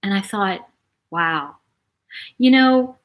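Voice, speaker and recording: A woman from New York City hosting a casual live-stream chat, reading viewer comments aloud and telling stories in a chatty, animated way. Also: medium pitch, takes it slowly. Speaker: host.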